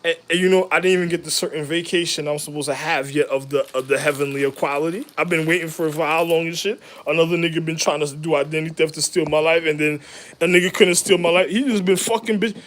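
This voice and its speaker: A man talks quickly in a steady tone, rambling through a profane monologue packed with street slang that jumps between loud laughing outbursts and low mutters.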